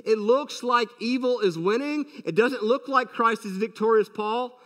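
A man's voice: high voice, expressive, moderate pace, hardly any pauses, a bit bright, in a large hall. A man preaching a sermon as a pastor, emphatic and full of rhetorical questions.

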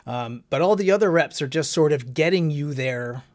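A man hosting a fitness podcast explains training methods step by step in a casual, instructional way, peppering his talk with "um" and "right?". His voice is fairly high and animated, at a moderate pace.

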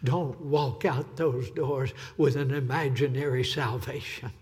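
A man's voice: medium pitch, fairly even intonation, a little slow, darkish tone. Impassioned man preaching a sermon. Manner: impassioned, repetitive pleading. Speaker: evangelist preacher. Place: church sanctuary. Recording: reverberant church hall.

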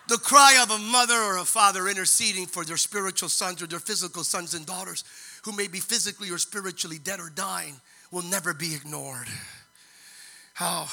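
A man preaching a sermon, dramatic, moving from hushed storytelling to loud, sung-out exhortation. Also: sits high, brisk, gravelly.

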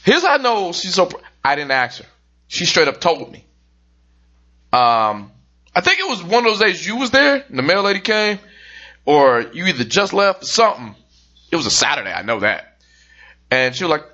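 Casual man co-host, lively swing in pitch, jokey storyteller, dull audio. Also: moderate pace. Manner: animated, jokey, swears casually. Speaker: podcast co-host.

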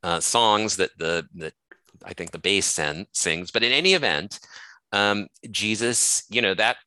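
Very deep-voiced man, bright and crisp. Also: unhurried, no room sound. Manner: thoughtful, hedging with many fillers. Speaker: scholar guest discussing his book. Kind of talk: conversational explanation.

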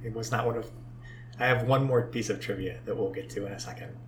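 A man's voice: fairly low pitch, fast. Easygoing young man in echoey room. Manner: relaxed, agreeable, shares trivia. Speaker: podcast co-host. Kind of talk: casual chat about a movie. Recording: echoey room with faint hum.

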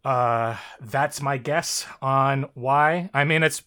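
This co-host talks at a slow pace in a bright, mid-range voice, casually chatting through a story on a podcast. Swearing, fillers and frequent laughs run throughout.

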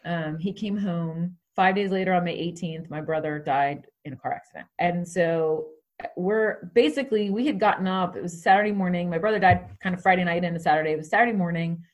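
Female guest, 40s, chatty storyteller, pace shifts between quick and slow. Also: fairly low pitch. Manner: conversational, many fillers, speeds up and slows down. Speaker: podcast guest. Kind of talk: candid personal storytelling.

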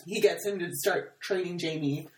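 A woman's voice: lowish voice, a little slow, far from the mic, a little hiss or hum. A chatty woman recaps a TV episode in a casual podcast chat. She laughs easily and drifts off with fillers. She sits back from the mic in an echoey room. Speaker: podcast co-host.

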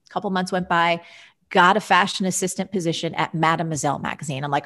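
A woman in her forties telling her life story as an interview guest, animated and acting out her own past thoughts. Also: on the low side, fast talker.

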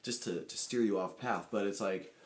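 A man chatting casually on a podcast, telling animated stories with laughs. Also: lowish voice, normal speed. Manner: animated storytelling with shouted quotes and laughs. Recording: echoey room.

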